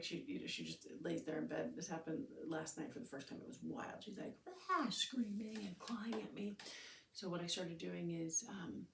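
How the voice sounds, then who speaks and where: A woman's voice: sits low, echoey room, distant mic, a little hiss or hum. A woman in her thirties hosting a podcast, talking candidly and rambling in a casual way, swearing now and then. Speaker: podcast host. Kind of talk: casual solo podcast talk.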